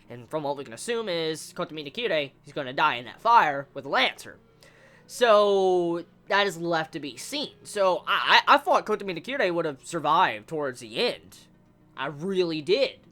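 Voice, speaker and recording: A young man excitedly reviewing an anime episode in casual talk, swearing often and stumbling over repeated words. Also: fairly high pitch.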